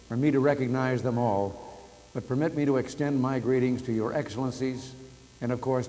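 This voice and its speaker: A man's voice: mid-range voice, low-quality recording. Older man giving folksy phoned-in remarks. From United States. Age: 70s. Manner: folksy storytelling, warm humor. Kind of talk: formal speech with anecdote. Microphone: telephone hookup. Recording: archival telephone speech with faint noise.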